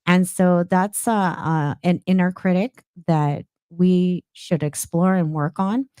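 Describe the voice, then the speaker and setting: A woman's voice: lowish voice, fairly even intonation, slow, darkish tone, clean tone, dry recording. Thoughtful woman therapist guest, dry sound. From San Francisco Bay Area. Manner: thoughtful, explains with frequent "right?". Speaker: clinical social worker guest. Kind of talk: casual interview.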